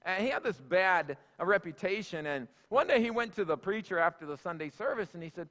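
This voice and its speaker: A man's voice: high-pitched, lively intonation, fast talker, few pauses, fairly bright tone. A man giving a sermon as senior pastor, folksy and conversational, with plenty of asides and fillers. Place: church sanctuary. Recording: echoey church hall.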